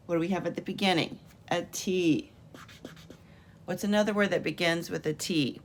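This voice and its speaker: A woman teacher giving a patient home video lesson on phonics, sounding out letters and words slowly from her room. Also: on the low side.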